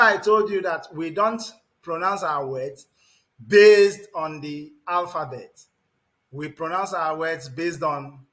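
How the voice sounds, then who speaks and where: A man teaching English pronunciation to a class, repeating words slowly and emphatically and calling on students by name. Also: on the high side, sharp tone. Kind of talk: classroom lesson.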